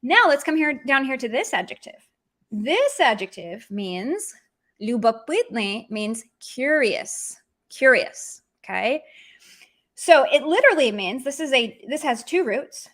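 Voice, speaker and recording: A woman's voice: high-pitched, big pitch swings, a little slow, a bit bright. A woman teaching an online language lesson, talking in a chatty way and acting out sarcastic examples.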